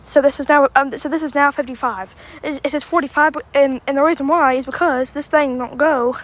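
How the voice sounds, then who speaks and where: Tired woman, high voice, casual weather-outlook vlog, halting delivery with constant restarts. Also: fairly even intonation, a bit bright. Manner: halting, stumbling over words, many restarts. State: tired after mowing. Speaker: weather update vlogger.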